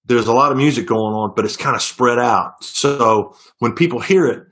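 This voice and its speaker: A middle-aged singer-songwriter talking casually in an interview, telling long stories with many restarts and fillers. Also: male voice, medium pitch, moderate pace, a bit bright. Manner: rambling storyteller with frequent restarts.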